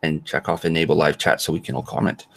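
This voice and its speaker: A man on a video call calmly explaining settings step by step. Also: extremely low pitch, fast talker, creaky. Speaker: show regular. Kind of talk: casual chat.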